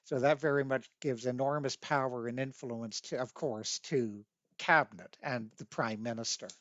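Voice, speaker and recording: A man giving a lecture, deliberately reading out legal sections and stressing key points. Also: mid-range voice, a bit bright, no room sound, dull audio. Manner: deliberate, reads statutes aloud, stresses key words. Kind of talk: lecture on constitutional history. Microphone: webcam mic.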